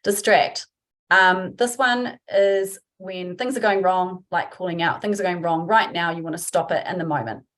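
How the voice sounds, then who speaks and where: A woman's voice: on the low side, moderate pace, a bit bright. A woman giving a webinar talk as a workplace trainer, chatty and informal, acting out example phrases. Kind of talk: webinar presentation.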